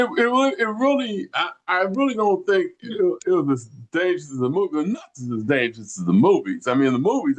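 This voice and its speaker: An older man from the Detroit area telling a long rambling story in casual chat, with many restarts. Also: a little high. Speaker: podcast co-host.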